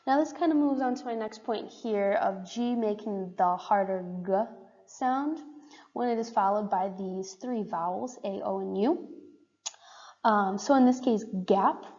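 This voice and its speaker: A woman's voice: medium pitch, a little slow, darkish tone. A young woman student giving a class presentation, explaining in a casual way with frequent fillers. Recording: dull roomy recording with long reverb.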